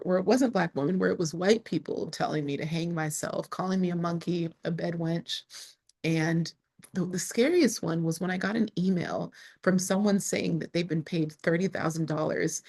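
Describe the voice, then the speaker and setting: A woman being interviewed, telling her story in a casual, expressive way with lots of fillers, sometimes close to tears. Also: lowish voice, husky. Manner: expressive, frequent "like" fillers, rises sharply when excited. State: emotional, near tears at times. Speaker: entrepreneur guest.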